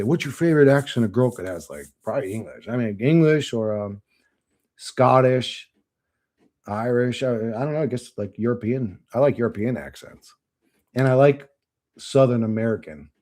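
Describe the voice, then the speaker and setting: A man's voice: fairly low pitch, darkish tone. A man rambling casually to his stream chat, swearing and laughing often. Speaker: channel host.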